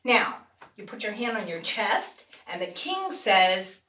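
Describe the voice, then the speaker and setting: A woman's voice: medium pitch, sing-song, measured pace, pushed and bright, slight background noise. A woman leading a group vocal exercise at a church retreat, playful and laughing often, congested from allergies. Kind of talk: casual workshop talk to a group. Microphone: distant room mic. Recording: echoey church room, mic far off.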